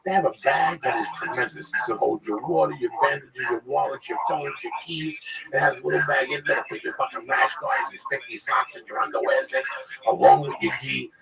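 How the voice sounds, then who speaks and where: A man hosting a podcast, ranting loudly and profanely to his co-hosts. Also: mid-range voice, fairly quick, creaky, recorded from a distance, over a noisy crowd, low-quality recording. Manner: loud, profane, shouting rant over music. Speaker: podcast host. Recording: loud music behind the voice.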